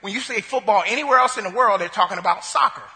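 A male pastor preaching a sermon, emphatic and repetitive, building up to shouts. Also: high voice, quick pace, in a large hall.

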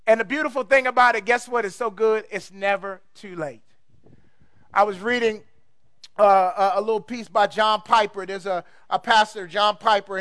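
Male pastor, middle-aged, high pitch, dry close sound, emphatic call-and-response preaching. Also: sharp tone, clear, resonant tone, no room sound. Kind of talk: sermon.

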